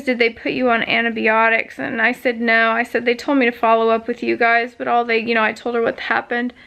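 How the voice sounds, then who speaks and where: A woman's voice: a little high, creaky, fairly bright tone. A woman vlogger chatting casually, telling a long story with many fillers and asides. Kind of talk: casual chat.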